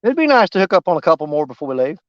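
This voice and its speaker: High-voiced man chatting outdoors. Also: sing-song, very fast, dry recording, highs cut off. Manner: rambling, folksy, talks to viewers. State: winded. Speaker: fishing vlogger. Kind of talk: live-stream fishing chat. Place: outdoors at a riverbank.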